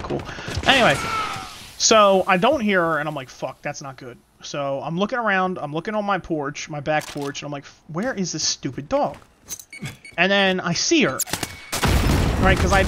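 A streamer chats through a long, rambling story while playing a shooter, swearing freely and dropping quick callouts. The voice rises and falls a lot as it talks. Heavy game gunfire and clicks run loudly underneath. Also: mid-range voice, noisy background. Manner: profane, rambling, animated storyteller; gives quick gameplay callouts. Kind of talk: casual storytelling while gaming. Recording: loud game gunfire behind voice. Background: shooter game gunfire and announcer callouts.

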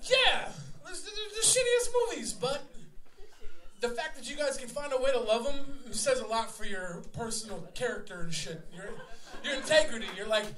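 A young man, a rapper fronting a live show, trading loud, profane, laughing banter with the crowd on a small theater stage. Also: very high-pitched, expressive, normal speed. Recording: echoey live room, mic heard from far, loud crowd.

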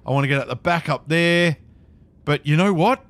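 A man's voice: a little high, moderate pace, a bit bright. A man giving casual gameplay commentary, talking to himself as he plays and repeating phrases with nervous chuckles. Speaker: gaming video creator.

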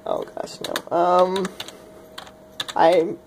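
Young woman, giggly, self-deprecating, slow and lively, casual solo video. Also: mid-range voice, gravelly, background noise.

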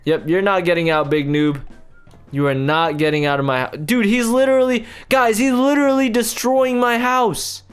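A young man giving excited gameplay commentary as a YouTuber, talking to his viewers in exasperated, loud outbursts. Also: sits high, moderate pace, smooth, faint music behind. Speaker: YouTuber playing a video game.

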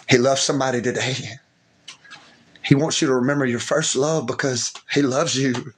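A man's voice: mid-range voice, fairly even intonation, moderate pace, a little hiss or hum. A man preaching a fervent sermon, repeating himself and throwing in call-and-response asides to the congregation.

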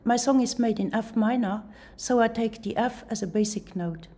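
A woman presenting a software tutorial in voice-over, explaining each step calmly. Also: a little high, moderate pace. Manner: calm, step-by-step instructional.

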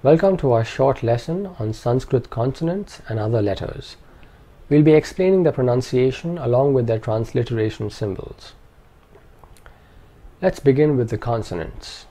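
A man calmly narrating a pronunciation lesson with measured, precise enunciation. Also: medium pitch. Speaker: language teacher. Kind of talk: instructional narration.

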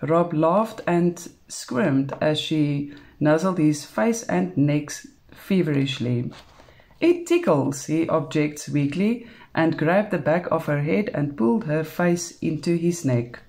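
A woman with a South African English accent, calmly reading a novel aloud, unhurried, with small slips. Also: low-pitched. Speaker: storybook reader.

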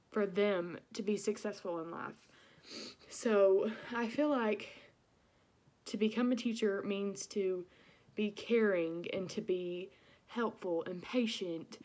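A young woman answering application questions on video in an earnest, nervous way, out of breath as she talks. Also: medium pitch. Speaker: teaching program applicant.

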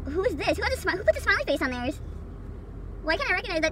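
A woman unboxing with a friend, excitable and complaining, swearing casually. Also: sits high, rapid-fire, long pauses, very noisy.

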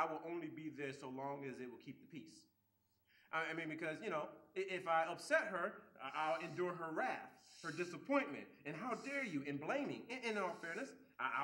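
A man giving a relationship seminar talk, animated, acting out quoted people and often repeating words as he starts sentences. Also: on the high side, echoey room. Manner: acts out quoted people with voice shifts. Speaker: seminar speaker.

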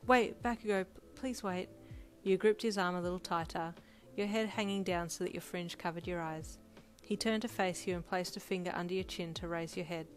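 Woman reading a fan fiction story, steady narration, lowish voice, soft music underneath. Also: a little fast. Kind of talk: second-person story narration. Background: faint music.

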